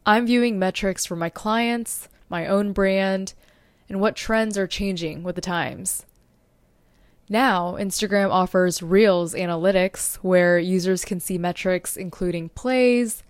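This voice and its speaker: A woman's voice: medium pitch, takes it slowly, smooth, no echo. A young adult woman hosting a solo podcast as a social media strategist, talking in an upbeat, informative way and now and then tripping over her words.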